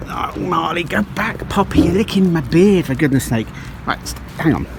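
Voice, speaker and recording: A man's voice: fairly high pitch, lively intonation, measured pace, creaky, over music. A man vlogging casually on a narrowboat, rambling and jokey with lots of fillers. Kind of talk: casual vlog chat.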